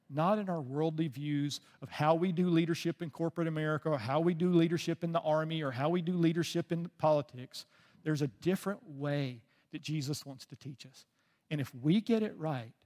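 A man preaching a sermon as pastor, telling a story with deep feeling and often dropping to a soft voice. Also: long reverb tail. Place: church sanctuary.

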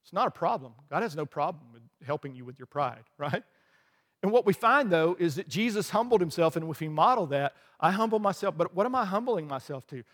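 A pastor preaching a lively sermon in a church, with rhetorical questions, asides and small laughs. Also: male voice, high voice, brisk. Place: church sanctuary. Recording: long hall reverb.

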